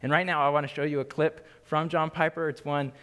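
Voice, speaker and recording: Casual preacher in an echoing hall. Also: male voice, fairly high pitch, level tone, fairly quick, fairly bright tone, smooth. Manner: casual and emphatic, often asks "right?". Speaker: pastor teaching a Bible study. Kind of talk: conversational Bible teaching. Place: church sanctuary. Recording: long hall reverb.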